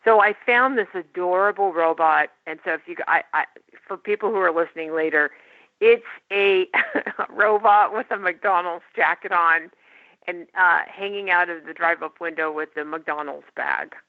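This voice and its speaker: Over a dry, phone-like line, a woman guest talks about technology in a casual podcast chat. Her lowish voice moves at a normal speed, and her tone is chatty and enthusiastic.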